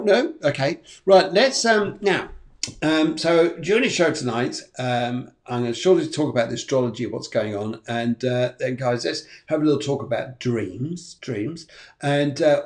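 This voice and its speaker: A man's voice: medium pitch, darkish tone. A middle-aged man hosting a live show as a medium, chatting loosely with viewers, reading out their comments and greeting them, with many fillers and repeats. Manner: chatty, rambling, full of fillers and repeated phrases. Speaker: host and medium. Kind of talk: casual live-stream chat. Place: home studio in Spain.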